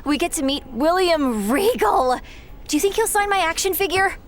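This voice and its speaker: A woman's voice: extremely high pitch, expressive, normal speed, a little hiss or hum. Gushing, giddy trainee fangirl. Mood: excited. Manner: breathless, gushing. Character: giddy young female wrestling trainee, superfan. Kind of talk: video game voice acting.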